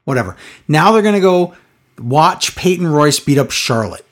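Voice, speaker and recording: A man's voice: a little high, animated, normal speed, fairly bright tone. A man co-hosting a casual chat, recapping a show in a sarcastic, exasperated way. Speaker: podcast co-host recapping wrestling.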